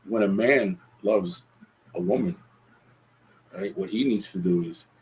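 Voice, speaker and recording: A man's voice: fairly low pitch, darkish tone, slight background noise, poor audio. A man hosting a solo podcast, talking earnestly and reflectively, often restarting his phrases. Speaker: podcast host.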